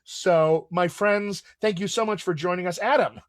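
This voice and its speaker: A man hosts a live online Q&A as a dialect coach, talking in an upbeat, chatty way with plenty of ums and uhs. His voice sits a little high. The sound is dry and close, with no room echo. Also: moderate pace. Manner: upbeat, chatty sign-off with frequent fillers. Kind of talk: live video Q&A chat. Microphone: video call.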